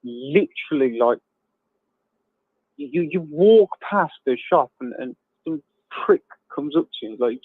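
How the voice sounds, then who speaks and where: A man's voice: on the high side, animated, measured pace, pauses often, husky, dry recording. A man, chatting casually and jokily on a live show, rambling with lots of fillers. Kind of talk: casual chat. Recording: tinny phone-like call line.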